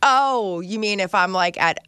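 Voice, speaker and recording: A playful woman chatting as a co-host, laughing easily and talking herself into far-fetched plans. Her voice sits at an ordinary pitch for a woman. The sound is dry and close, with no room around it. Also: measured pace, sharp tone, clean tone, no echo. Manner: playful, giggly, pitches silly schemes. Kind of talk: casual chat.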